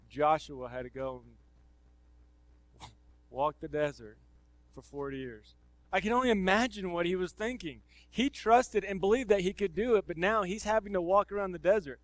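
A man preaches a sermon in a relaxed, conversational way, sprinkling in slang. His voice sits a little high, and he swings from loud emphasis to quiet murmured asides. The sound is close and dry. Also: no echo, low-quality recording.

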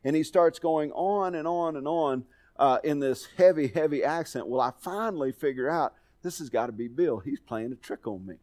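A man's voice: a little high, moderate pace, a little mellow. A middle-aged man preaching a sermon, telling folksy personal stories in a conversational way. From Texas. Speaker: pastor.

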